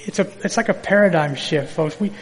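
A man's voice: high voice, brisk, long reverb tail, rough recording. A man preaching a sermon, reading scripture aloud and drawing call-and-response from the congregation.

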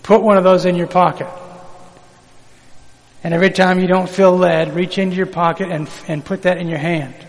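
A man's voice: sits high, flat delivery, moderate pace, vocal fry, long pauses, big-room sound, rough recording. A man preaching a sermon, reading scripture aloud and drawing call-and-response from the congregation.

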